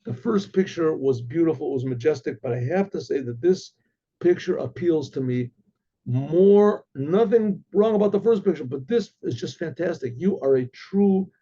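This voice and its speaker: Grand king, stately delivery, warm low-bright tone; a man puts him on. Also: animated, moderate pace, lo-fi sound. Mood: admiring. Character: grand, easily stirred male king.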